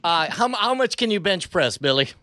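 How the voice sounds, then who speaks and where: A man's voice: high voice, sing-song, normal speed, bright, forceful tone, no room sound, clean studio sound. A man playing a tabletop role-playing game, talking playfully with stammering restarts. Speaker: player. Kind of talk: tabletop role-play chat.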